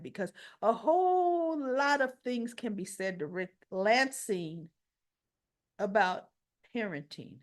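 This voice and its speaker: A woman with a slow, unhurried delivery recaps a soap opera episode in a casual vlog. She acts out the characters' lines and breaks in with her own pointed commentary. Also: mid-range voice. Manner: animated retelling, acts out lines and scolds characters.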